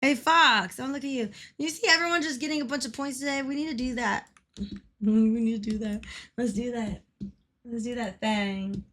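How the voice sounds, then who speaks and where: A woman livestreamer giving excitable live gaming commentary, swearing a lot and laughing often. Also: fairly high pitch, moderate pace.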